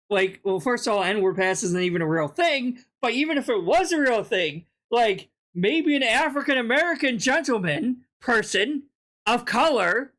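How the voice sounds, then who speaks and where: A woman giving an indignant, profane reaction commentary, her throat sore from yelling. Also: fairly high pitch. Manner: profane, indignant, laughing ranting.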